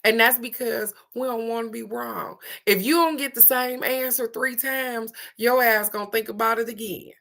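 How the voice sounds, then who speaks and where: A woman's voice: fairly high pitch, fairly even intonation, moderate pace, vocal fry, hardly any pauses, a bit bright. A woman doing a casual live-stream card reading, chatty and affectionate, laughing often and calling out to viewers by name.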